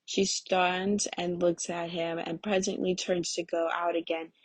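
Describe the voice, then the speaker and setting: A woman reading a stage play aloud, giving the stage directions in a plain, even way. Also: lowish voice, measured pace, no room sound, low-quality recording. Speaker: audiobook reader.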